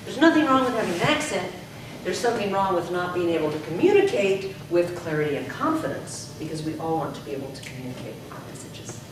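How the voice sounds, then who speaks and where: An energetic woman coach projects her voice across a meeting room, leading repeat-after-me drills. She sounds far from the mic in a very echoey space, with steady background noise underneath. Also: lowish voice, quick pace. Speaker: speaking coach presenting to a club. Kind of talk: presentation with call-and-repeat drills.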